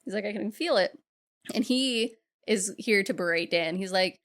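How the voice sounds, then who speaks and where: Female co-host, casual recap chat, animated quoting of scenes, average pitch. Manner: retells scenes in quick acted-out quotes, swears casually. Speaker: podcast co-host.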